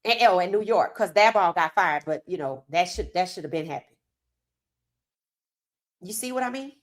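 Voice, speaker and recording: A woman hosting a live sports talk stream, reading viewer comments aloud and reacting with animated opinions, her voice worn from hours of streaming. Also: lowish voice, moderate pace. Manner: animated, talks straight to chat, reads comments aloud. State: losing her voice.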